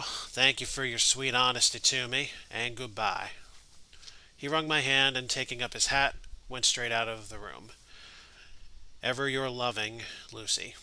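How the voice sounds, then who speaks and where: A man's voice: medium pitch, sharp tone, clear, resonant tone, rough recording. A man reading aloud the letters of a gushing young woman from a game, in his own voice.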